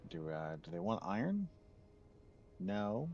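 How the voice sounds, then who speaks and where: A man's voice: lowish voice, wildly swooping pitch, slow pace, creaky, a little mellow, muffled recording, slight background noise. A man streaming a game, chatting casually and rambling off on tangents with frequent laughs. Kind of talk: casual live gameplay commentary.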